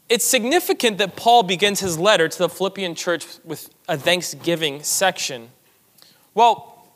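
A man's voice: high-pitched, a bit bright, in a large hall. A man preaching a sermon as pastor, reading scripture aloud and pressing his points with emphasis.

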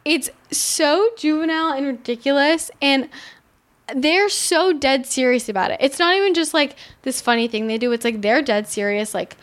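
A woman casually recapping a reality show, animated and exasperated, swearing freely and saying "like" constantly. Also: high-pitched, moderate pace. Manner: animated, swearing, heavy use of "like"; exasperated, sarcastic commentary. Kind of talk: casual chat.

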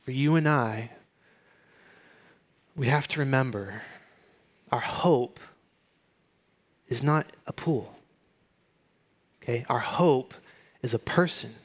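A pastor preaching a conversational sermon. He drops into soft, hushed retelling and rises into urgent pleading. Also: medium pitch.

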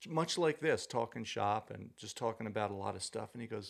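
A man's voice: on the low side, expressive, brisk, gravelly. A middle-aged man, a former tennis coach, chatting as a podcast guest and telling rambling, self-deprecating stories. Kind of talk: casual storytelling chat.

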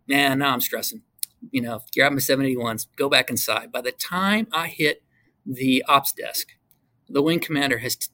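An older man, a retired fighter pilot from the United States, telling stories in an interview and acting out the other people's voices in them. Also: medium pitch. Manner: acts out voices in his stories, swings between loud and hushed. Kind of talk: animated storytelling in an interview.

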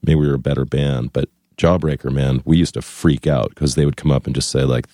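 A man's voice: very deep voice, steady tone, a little fast, dark tone, no room sound, studio quality. A man being interviewed as a guest musician, chatting casually in a wry, joking way and now and then slipping into mock voices.

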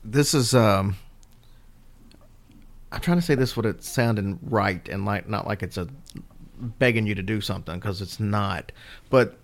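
Easygoing man with a low voice. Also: unhurried, long pauses. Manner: rambling and easygoing, with fillers. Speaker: podcast co-host. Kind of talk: casual chat.

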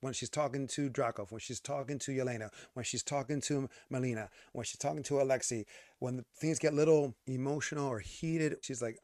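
A man co-hosting a casual movie review, ranting and arguing in an animated way. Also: mid-range voice, a little fast, dry recording, studio quality. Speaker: podcast co-host.

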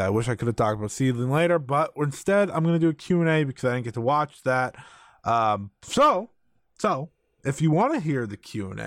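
A man's voice: medium pitch, no echo, studio quality. A man hosting a solo wrestling podcast, chatting enthusiastically with lots of fillers and repeated phrases. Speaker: podcast host.

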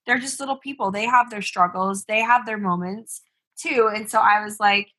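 A woman in her thirties, a mother and business owner, telling stories in a chatty, animated way with many fillers as a podcast co-host. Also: medium pitch, normal speed. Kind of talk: casual chat.

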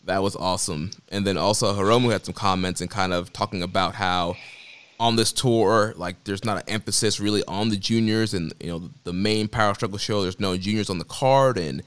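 An easygoing male co-host recaps the action in a relaxed, casual way. His voice is very deep and sounds smooth and resonant. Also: a little fast. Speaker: podcast co-host. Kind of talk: casual wrestling chat.

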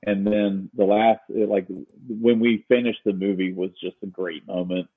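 A man rambles casually about directing a film shoot, his storytelling packed with fillers and lively quoted asides. His voice is lowish and moderately paced, with phone-quality sound and no room sound.

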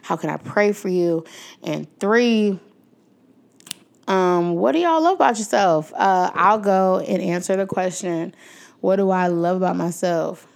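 Closing out her podcast, a young host talks casually and with real emotion, addressing her listeners as "y'all," thanking them often and using plenty of fillers. She speaks at a measured pace in a lower voice with vocal fry.

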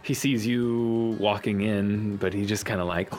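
A man narrating as game master of a tabletop game, lively and halting, with many fillers. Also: fairly low pitch, soft background music.

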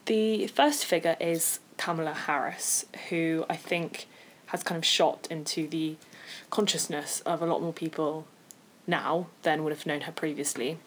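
A woman's voice: deep voice, fairly even intonation, measured pace, soft background music. A woman co-hosting a podcast in casual chat, talking enthusiastically with emphatic repetition. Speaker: podcast co-host.

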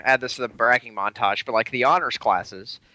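Bright-voiced, teasing male co-host. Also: mid-range voice, moderate pace, dry recording. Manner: teasing, wry banter. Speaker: podcast co-host. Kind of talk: casual chat.

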